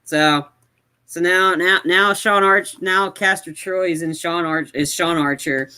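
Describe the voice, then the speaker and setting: This is a man with a slightly higher-pitched voice, chatting casually as a podcast co-host. He retells movie scenes in a rambling way, leaning on fillers and restarts. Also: fairly even intonation, unhurried, sharp tone, smooth. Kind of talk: casual movie review chat.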